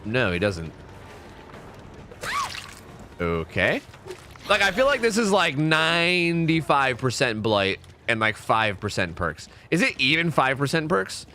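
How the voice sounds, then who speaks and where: A young man giving casual, jokey commentary while streaming a horror game, chatting and breaking into sudden high exclamations. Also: sing-song, a little slow, long pauses, pushed and bright, a little hiss or hum.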